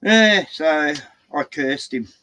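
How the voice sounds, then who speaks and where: Rambling Australian man, slightly high voice. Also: lively intonation, slow pace, sharp tone, clear, resonant tone. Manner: rambling, stammering storyteller who swears. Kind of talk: casual chat.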